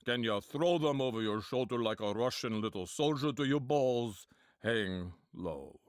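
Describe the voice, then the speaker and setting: A man voicing a solemn commercial testimonial giver, speaking slowly and gravely. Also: medium pitch, expressive, dry recording, clean studio sound, close to an everyday voice. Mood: mock-solemn. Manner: slow, mock-solemn delivery.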